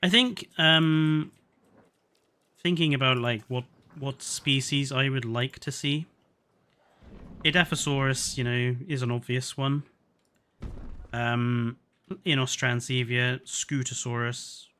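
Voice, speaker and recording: A man's voice: medium pitch, fairly even intonation, takes it slowly, long pauses, bright, forceful tone, clean tone. A young man chatting casually on a live stream, laughing often, tripping over names and sounding tired. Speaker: gaming streamer.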